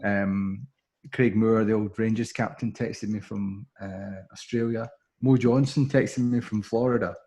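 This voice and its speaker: A man's voice: on the low side, steady tone, unhurried, dark tone. A middle-aged Scottish man, a sports TV presenter guesting on a podcast, telling humorous stories with many ums and restarts. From Scotland. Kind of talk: casual anecdotal storytelling.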